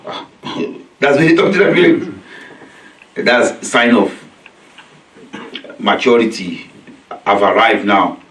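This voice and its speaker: In a community centre hall with echo, a man with a medium-pitched voice gives a religious lecture to his weekly study circle, recorded from a distant mic. He recites Arabic verses, explains them in simple, repetitive English and acts out how children and parents speak.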